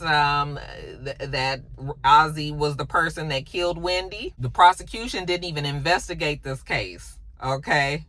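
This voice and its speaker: A woman's voice: low voice, a bit bright. A woman casually recapping a TV episode in a sassy, chatty way, talking back to the characters. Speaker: TV recap vlogger.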